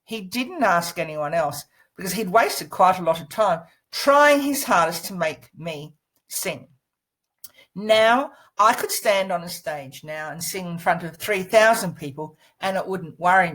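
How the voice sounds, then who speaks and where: A woman speaks in a mid-pitched voice as she presents a course lesson, telling a personal story with lively energy. She coaches and encourages the listener directly. She is seated indoors and recorded on a laptop microphone. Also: rough recording.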